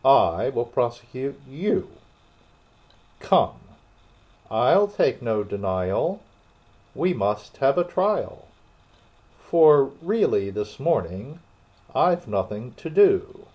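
A cunning old dog, as a man reading aloud plays him, slow, bossy and menacing. The storybook reading sounds dull and lo-fi. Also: mid-range voice, sing-song, heavily acted. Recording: dull lo-fi recording.

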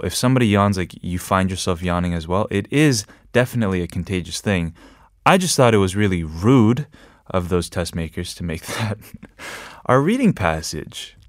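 A man with a low voice hosts a radio show from a dry studio. He reads through a prepared piece, then slips into loose, joking chat with listeners. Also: no room sound. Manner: chatty, jokes and laughs between scripted reading. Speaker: radio host. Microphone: studio microphone.

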